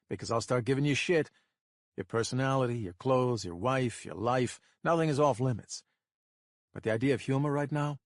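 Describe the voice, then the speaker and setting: Male narrator for a suspense audiobook; even, tense delivery, dry close recording. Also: medium pitch, no echo.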